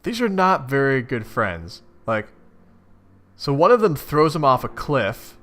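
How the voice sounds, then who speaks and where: A young man casually reading a webcomic aloud and reacting in a chatty, expressive way. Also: medium pitch, unhurried. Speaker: reader of a webcomic. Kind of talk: casual read-along with reactions.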